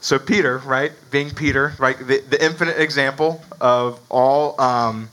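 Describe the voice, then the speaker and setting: A man's voice: mid-range voice, fairly even intonation, unhurried, a bit bright, rough recording. A man preaching a sermon in a conversational way, often asking "right?" and chuckling between points. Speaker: pastor.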